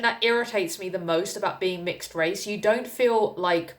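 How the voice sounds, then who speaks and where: A woman's voice: medium pitch, normal speed. A young woman from England talking candidly to camera in a casual vlog, chatty, with fillers and laughter. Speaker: vlogger. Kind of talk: casual personal talk to camera.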